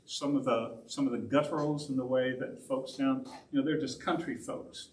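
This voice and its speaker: A man's voice: medium pitch, normal speed. A man from Oregon, a pastor leading an adult Bible class in a loose, conversational way full of side remarks. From Oregon, USA. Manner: rambling, conversational, with self-aware asides. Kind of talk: casual Bible study teaching. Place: church classroom. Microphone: distant room mic. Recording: roomy, distant, faint hiss.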